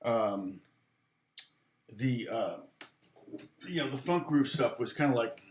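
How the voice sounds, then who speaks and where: This man speaks slowly and animatedly in a medium pitch as he teaches guitar live and fields questions from viewers. He rambles and thinks aloud, counting out and scatting rhythms, with a roomy echo in the recording.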